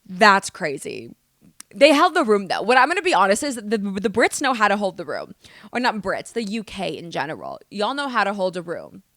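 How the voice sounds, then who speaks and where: A woman's voice: medium pitch, very animated, a little fast, a bit bright, no room sound, clean studio sound. A young woman hosting a comedic solo podcast, rambling animatedly, swearing and poking fun at herself. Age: young adult. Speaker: podcast host.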